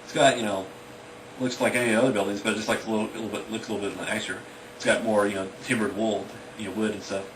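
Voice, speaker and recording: A man's voice: lowish voice, fairly even intonation, quick pace. A young man casually retelling his own fantasy story, rambling with lots of fillers and briefly acting out the characters. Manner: rambling, full of "you know" and "like", acts out the characters. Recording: echoey room, mic at a distance, background noise.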